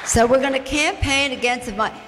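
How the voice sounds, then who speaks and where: A woman's voice: high-pitched, quick pace, a crowd in the background, background noise. A woman in her seventies, a party leader giving a political speech at a breakfast, with a rallying manner that repeats key phrases. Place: large breakfast hall with a crowd. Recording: long echo of a large hall.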